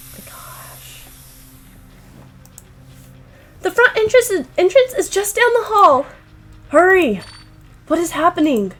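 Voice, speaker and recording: A woman voicing an earnest, emotional teenage schoolgirl heroine in a horror visual novel, in a high, urgent voice.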